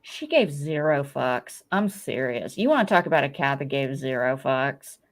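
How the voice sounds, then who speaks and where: A middle-aged woman hosting a podcast, telling a story in casual chat, animated and profane. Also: extremely low pitch, moderate pace. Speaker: podcast host.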